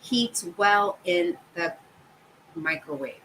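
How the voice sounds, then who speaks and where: A woman's voice: on the low side, animated, slow pace, pushed and bright, a little hiss or hum, low-quality recording. A middle-aged woman hosting a casual chat, profane and exasperated, laughing often. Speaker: host.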